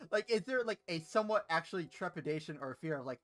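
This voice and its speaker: A player in a tabletop game, talking quickly and animatedly. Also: mid-range voice, expressive, fairly bright tone, soft background music. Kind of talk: casual play.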